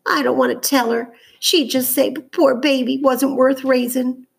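A woman's voice: a little high, normal speed, creaky, breathy edge, pitched above the performer's own voice. A woman voicing an anxious, fretful young girl who pleads in a raised voice, reading a storybook. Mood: tearful. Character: anxious fretful girl, older sister figure.

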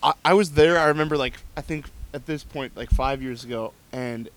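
A man's voice: mid-range voice, brisk, low-quality recording. A young man co-hosting a casual podcast, reacting with emphatic enthusiasm.

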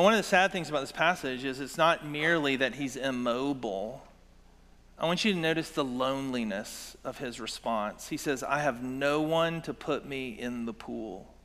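A man's voice: mid-range voice, fairly bright tone, long reverb tail. A man preaching a sermon as pastor, in a conversational, earnest way with asides to his congregation.

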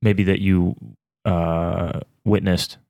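This man has a very deep voice and speaks slowly, pausing as he searches for words. The recording is dry and close, with no room sound. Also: little pitch movement, dark tone, no echo. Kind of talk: casual chat.

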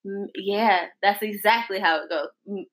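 A woman with a New York accent trades stories on a casual talk show. Her delivery is blunt, profane and animated, and her pitch sits in an ordinary middle range. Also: moderate pace. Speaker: podcast co-host. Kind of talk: casual chat.

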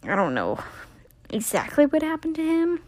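A woman's voice: sits high, huge pitch swings, normal speed, a little mellow. A young woman recapping a TV episode in a casual, rambling way, full of "like" and acted-out character lines, sounding tired.

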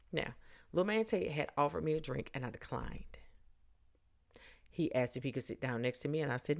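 A woman's voice: rumbling low, brisk, creaky. A woman hosting a podcast, telling a story in a blunt, sarcastic, dry way. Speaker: podcast host. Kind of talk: casual storytelling.

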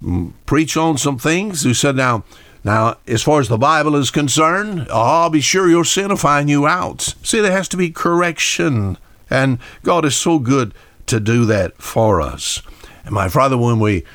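A man's voice: medium pitch, animated, measured pace, fairly bright tone, no echo. An older man preaching a short radio Bible sermon in a folksy way, often asking his listeners directly.

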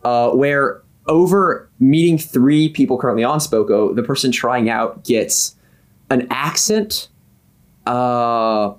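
A man on a casual podcast, an improv performer, telling stories in a relaxed way with lots of ums. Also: medium pitch, takes it slowly. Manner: relaxed storytelling with many fillers.

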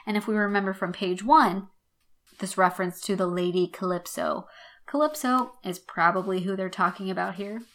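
A woman hosting a podcast lesson, explaining an old text in a wry, chatty way and slowing down to read quotations. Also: medium pitch, fairly even intonation, a bit bright. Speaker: podcast host teaching literature.

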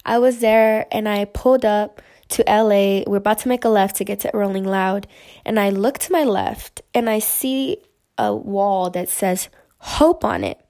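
A woman's voice: medium pitch, expressive, unhurried, mellow. A young adult woman casually telling a rambling story, full of "like" fillers. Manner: chatty, rambling, many "like" fillers.

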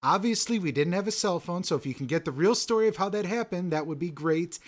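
Laid back guy on a podcast, voice a bit on the high side, teasing and friendly. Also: lively intonation, fast talker. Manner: easygoing, teasing, reads listener mail. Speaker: podcast co-host. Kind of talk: casual chat.

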